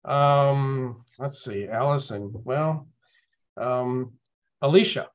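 A man's voice: mid-range voice, takes it slowly. A male co-host who sounds hesitant as he makes suggestions.

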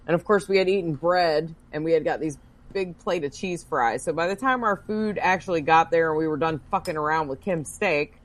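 A woman co-hosting a casual chat, telling a story in a loud, animated and profane way. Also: low-pitched, brisk. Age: adult working as a bartender. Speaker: podcast co-host.

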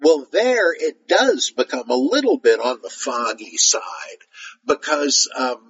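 A man hosting a podcast, answering listener questions in a rambling, halting way, with many fillers and pauses to search for words. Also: mid-range voice, lively intonation, a bit bright, husky, muffled recording. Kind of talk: casual spoken Q&A.

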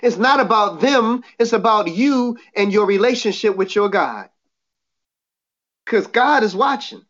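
A woman preaches to her listeners, reading scripture slowly and then breaking it down in plain, everyday words. Her voice sits in a middle pitch. The recording is dull and lo-fi. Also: expressive. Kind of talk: Bible teaching show.

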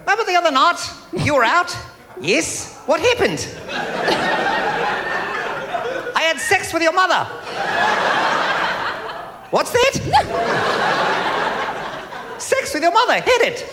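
A man's voice: very high voice, very animated, measured pace, pauses often, voice pushed up, exaggerated voice. A man putting on two cheerful New Zealand men as an exaggerated accent parody. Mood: chirpy. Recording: stand-up recording with a noisy crowd.

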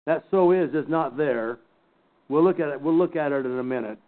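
An older man teaching a Bible class, slowly and emphatically picking apart scripture word by word. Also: fairly high pitch. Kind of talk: Bible study lecture. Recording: tinny phone-like recording.

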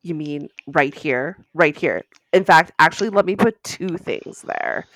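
A woman's voice: low-pitched, measured pace, fairly bright tone, no room sound. A woman co-hosting a podcast, chatting casually and gushing as an enthusiastic fan. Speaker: podcast co-host. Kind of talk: casual chat.

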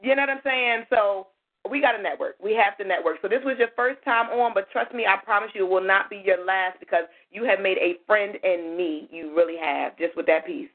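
A woman hosting a call-in radio show, chatty and lively, thanking callers and a little hoarse from losing her voice. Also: mid-range voice, a little fast. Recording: tinny phone-line audio.

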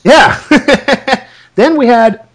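A man's voice: extremely high pitch, drawn-out words, a bit bright. A man hosting a podcast, recapping wrestling in a rambling, casual way, laughing often between restarts. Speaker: podcast host.

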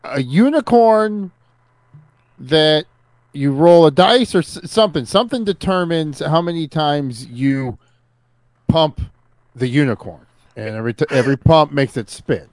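A man co-hosting a podcast, telling a story in a relaxed, casual way. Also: fairly high pitch, measured pace, no room sound. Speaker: podcast co-host. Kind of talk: casual chat.

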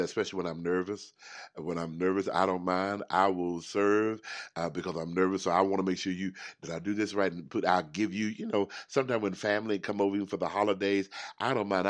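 Lively chatty man hosting a talk show. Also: lowish voice. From United States. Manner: animated, chatty, repeats himself. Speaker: host.

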